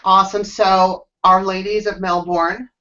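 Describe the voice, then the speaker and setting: A man co-hosting a casual chat about reality TV, excitable and playful, often giggling. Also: high-pitched, a little slow, highs cut off. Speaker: co-host.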